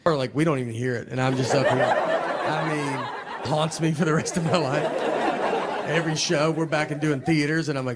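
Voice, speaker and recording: Over a noisy crowd and heavy background noise, a man in his forties performs stand-up in a large theater at a moderate pace. His dry, deadpan stories rise into exasperated high-pitched rants, and the live recording has long hall reverb with audience laughter.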